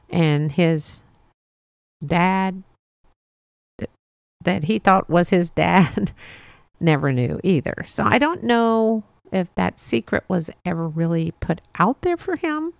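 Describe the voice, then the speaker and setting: A woman's voice: medium pitch, gravelly, a little mellow, no room sound. A woman hosting a podcast, telling a story in a casual, meandering way, with many fillers and restarts. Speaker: podcast host.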